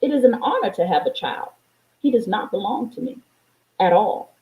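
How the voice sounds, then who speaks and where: A woman's voice: mid-range voice, expressive, normal speed, dark tone, roomy sound, poor audio. A woman life coach and mother talking straight to her viewers in an emphatic, preachy way. She repeats lines for stress and swears freely. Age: adult, parent of a young child. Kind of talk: motivational vlog monologue.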